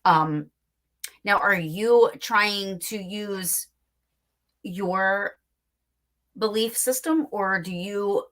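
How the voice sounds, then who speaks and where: A woman's voice: mid-range voice, very slow, pauses often, fairly bright tone. A woman hosting an interview, chatting casually with many fillers and restarts. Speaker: podcast host.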